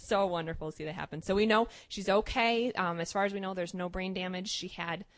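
A young woman, a mother, telling a personal story in an earnest, animated way with many fillers. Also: fairly low pitch, fairly quick, dry recording. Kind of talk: casual personal testimony.

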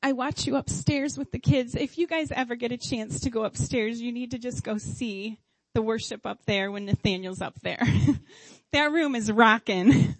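A woman's voice: fairly high pitch, moderate pace, no echo, rough recording. A middle-aged woman giving a heartfelt sermon at a church service. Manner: heartfelt, tearful at times.

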